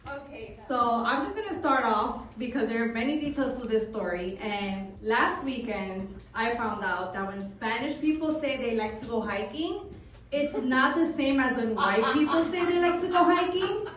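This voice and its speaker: A woman's voice: a little high, normal speed. A young woman doing a stand-up comedy set on stage, casual and profane, laughing through her story. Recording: echoey club room, far mic, loud crowd. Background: audience laughter and room noise.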